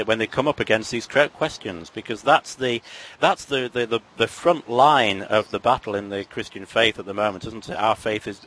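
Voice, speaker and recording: A man's voice: on the low side, a bit bright, low-quality recording. An English man hosting a podcast interview, talking with many fillers and restarts. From England. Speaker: podcast host. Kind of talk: casual interview chat.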